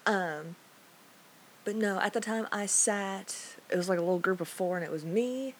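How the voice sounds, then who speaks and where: A woman's voice: mid-range voice, moderate pace. Young woman telling stories, swearing freely. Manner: animated storytelling, swears freely. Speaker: podcast co-host. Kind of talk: casual chat. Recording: faint hiss.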